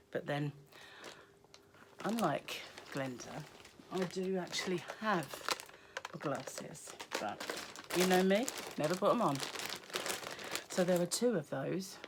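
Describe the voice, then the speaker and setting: A hoarse British woman chatting casually as she unboxes yarn for her crochet vlog, often dropping to a near whisper. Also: low voice, noisy background. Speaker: crochet vlogger.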